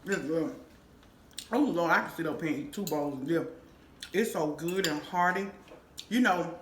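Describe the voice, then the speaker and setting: Woman cooking host, low voice, chatty and savoring, roomy echo in a home kitchen. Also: normal speed, pauses often. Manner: chatty, savoring aloud with lots of hums and "y'all". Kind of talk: casual cooking vlog, tasting food on camera. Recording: echoey room with faint noise.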